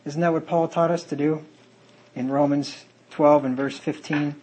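A man preaching an earnest sermon and reading Bible verses aloud in old-fashioned wording. His voice is husky and sits a little high. He talks the way a pastor does from the pulpit. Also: steady tone, normal speed, darkish tone, poor audio.

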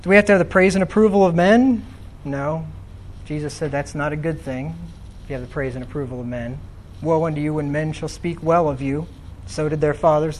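A man's voice: on the high side, slight background noise. A man preaching a sermon in a church, reading scripture aloud and asking the congregation questions in a conversational way. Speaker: pastor.

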